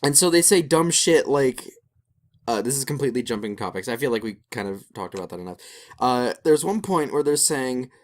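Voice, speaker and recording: A man's voice: mid-range voice, fairly quick. Rambling young man on a podcast. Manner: animated, rambling with many fillers. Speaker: podcast co-host. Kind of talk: casual chat.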